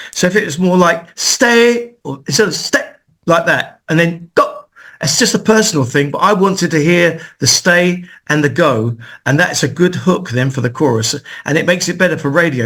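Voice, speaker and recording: Man giving a measured critique. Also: fairly high pitch, fairly bright tone. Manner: measured, conversational, reasoned. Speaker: panel judge, record producer. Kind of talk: constructive critique on a radio panel.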